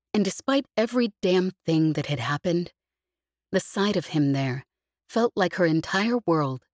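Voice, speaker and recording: A woman narrating an audiobook with an expressive, vivid storytelling delivery. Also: low-pitched, no room sound, clean studio sound.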